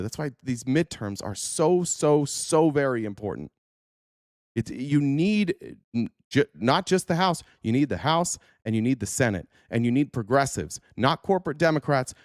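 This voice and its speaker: A man's voice: medium pitch, a little mellow, no echo, studio quality. A man hosting a political livestream, ranting heatedly with profanity and restarts while reacting to clips and chat. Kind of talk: casual livestream commentary.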